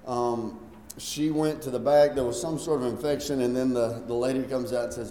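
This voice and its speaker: A middle-aged male pastor preaching a sermon in a relaxed, conversational storytelling way. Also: medium pitch, normal speed, a little hiss or hum. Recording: echoey hall from far off.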